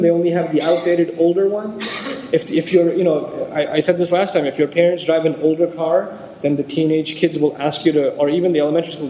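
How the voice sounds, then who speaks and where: In a hall with long, echoing reverb, a man lectures on the Quran, delivering his religious talk conversationally and performing the voices of the people he quotes. His voice is mellow and on the high side.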